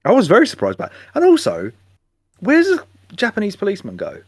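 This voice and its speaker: A man's voice: sits high, huge pitch swings, fast talker, no echo, studio quality. A man co-hosting a podcast, chatting casually with trailing asides. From England. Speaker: podcast co-host. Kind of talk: casual chat.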